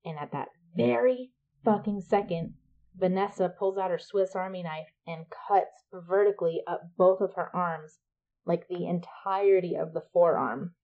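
A woman co-host talks through a film's plot in easy, casual banter. Her voice sits on the low side and she swears freely. The sound is muffled and lo-fi. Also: moderate pace. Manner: chatty, swears freely, laughs and jokes. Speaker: podcast co-host. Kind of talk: casual movie recap chat.

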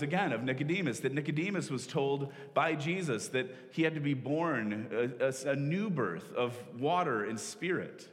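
A male pastor preaching a sermon in a conversational, explanatory way, often saying "like" and restarting his sentences. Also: mid-range voice. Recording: long reverb of a large hall.

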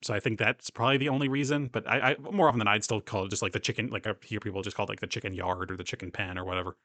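A man's voice: on the low side, fairly even intonation, rapid-fire, bright, forceful tone, dry recording. A young man from the US Southeast, co-hosting a podcast in casual chat, rambling and laughing often. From US East Coast and Southeast. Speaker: podcast co-host.

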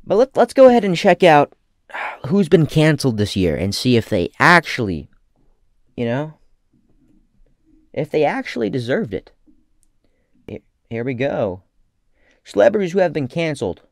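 A man giving casual comedic commentary as a vlogger, rambling and profane with deadpan asides. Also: fairly high pitch, moderate pace, pauses often, no echo, clean studio sound.

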